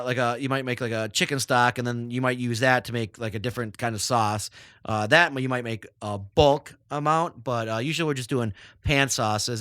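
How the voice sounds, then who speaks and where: A man's voice: mid-range voice, pushed and bright, clear, resonant tone, no room sound, clean studio sound. A man, a chef guest, chatting casually in an interview and rambling with lots of filler words.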